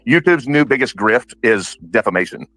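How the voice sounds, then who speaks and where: A man's voice: medium pitch, expressive, normal speed, a bit bright, no echo, poor audio. A man hosting a livestream, upbeat, thanking donors and addressing the chat. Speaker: livestream host.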